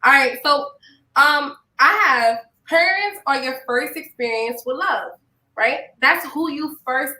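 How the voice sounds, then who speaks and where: A woman hosting a podcast in casual chat, animated and blunt, swearing freely and laughing often. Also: a little high, roomy sound, poor audio. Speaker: podcast host.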